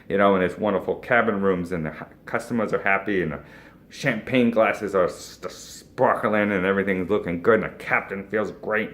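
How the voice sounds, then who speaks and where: A man's voice: medium pitch, fairly bright tone. An advertising agency owner giving a casual, folksy business pep talk, tagging his points with "right?" and chuckling now and then. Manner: folksy, keeps asking "right?", boat metaphors, chuckles.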